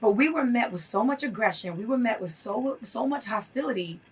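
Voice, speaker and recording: Husky-voiced woman, earnest and impassioned. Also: on the high side, lively intonation, fairly quick, far from the mic. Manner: earnest, impassioned, repeats for emphasis. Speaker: interview guest. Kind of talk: emotional storytelling in an interview.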